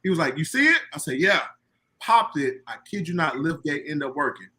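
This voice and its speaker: Man, box truck owner, bright voice a touch high, animated storyteller; casual panel talk. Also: a little fast. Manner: animated storyteller acting out quoted dialogue.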